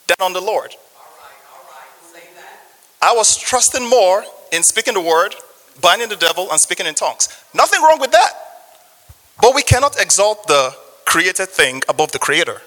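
A man's voice: sits high, bright, forceful tone. A man preaching a sermon, reading scripture and sharing a personal testimony in an earnest manner. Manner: earnest, testimony-sharing, asks audience for amens. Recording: long hall reverb.

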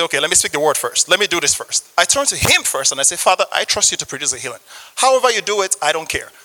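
High bright-voiced man preaching in a hall. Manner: earnest, testimony-sharing, asks audience for amens. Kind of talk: sermon with scripture reading. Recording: long hall reverb.

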